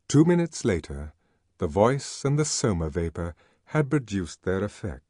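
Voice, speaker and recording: A man narrating an audiobook with a dramatic, expressive reading. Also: on the low side, moderate pace, no room sound, studio quality. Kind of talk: scripted narration.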